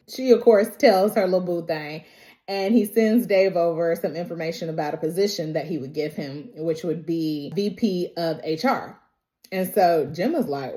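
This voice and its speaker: A woman's voice: fairly low pitch, moderate pace, warm tone. A woman vlogger recapping a TV episode in a casual, slangy way, laughing often.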